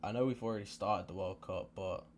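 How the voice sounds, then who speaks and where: A man's voice: deep voice, fairly quick, slight background noise. A young man casually chatting as he hosts a live football watch-along, rambling and repeating himself as he talks. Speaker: live stream host.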